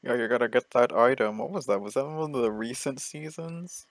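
A man's voice: medium pitch, a little fast, no room sound, poor audio. A young man co-hosting a casual gaming podcast, laughing often and acting out what other players said. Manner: laughing, animated retelling with acted-out quotes. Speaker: podcast co-host.

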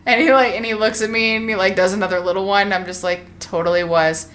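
A woman in her thirties chatting casually, playful and quick to laugh. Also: mid-range voice, steady tone, fairly bright tone. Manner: giggly, playful, laughs often. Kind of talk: casual chat.

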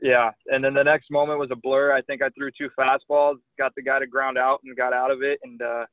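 A young man, a professional pitcher, telling a lively anecdote in casual chat, full of "like" and "you know". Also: a little fast, no echo. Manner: animated anecdote telling with many likes and you knows. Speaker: guest, pro baseball pitcher. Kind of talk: casual storytelling. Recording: tinny phone line.

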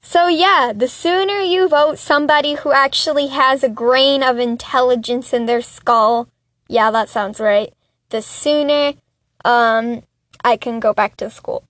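A woman's voice: high-pitched, a little slow, fairly bright tone, no echo. A woman hosting her own solo political commentary podcast, talking in an impassioned, exasperated rant with chatty, self-mocking asides. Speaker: podcast host.

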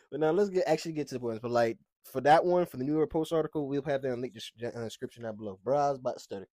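A man's voice: mid-range voice, fast, warm tone, no room sound. A man co-hosting a podcast, giving casual, slangy commentary on the news, joking around and stumbling over his words. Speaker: podcast co-host.

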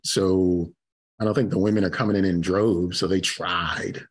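A man's voice: deep voice, steady tone, moderate pace, slightly rough. A man co-hosting a casual podcast chat with a dry, joking delivery. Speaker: podcast co-host.

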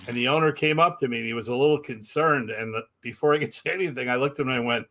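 A man's voice: mid-range voice, very fast, few pauses, fairly bright tone. A man co-hosting a comedy podcast, telling a self-deprecating story and acting out the dialogue. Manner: self-deprecating, plays both sides of dialogue. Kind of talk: casual chat, storytelling.

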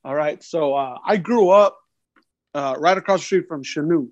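A young man telling a story on a casual podcast, animated and slangy, always saying "bro". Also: fairly high pitch, normal speed. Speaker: podcast guest. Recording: dull lo-fi sound.

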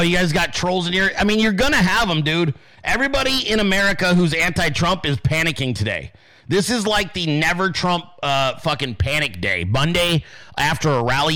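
A man's voice: on the high side, bright, forceful tone, low-quality recording. A man hosting a podcast, ranting profanely in casual political commentary and calling his listeners dude and guys. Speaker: podcast host.

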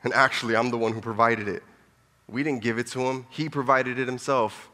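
A man preaching a sermon with passion, pleading and emphatic, dropping to hushed lines between loud ones. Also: mid-range voice, fairly even intonation, fairly quick. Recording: long hall reverb.

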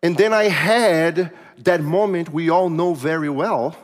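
A man preaching a sermon, telling a personal story in an animated, self-mocking way, often laughing. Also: on the high side, slow. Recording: long reverb of a large hall.

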